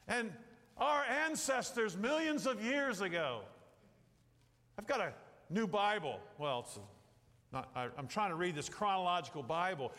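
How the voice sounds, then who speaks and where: A man's voice: high voice, expressive, unhurried, sharp tone. A middle-aged man preaching a sermon in a church, rambling with jokey asides and acted-out quotes. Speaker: pastor. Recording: hall reverb.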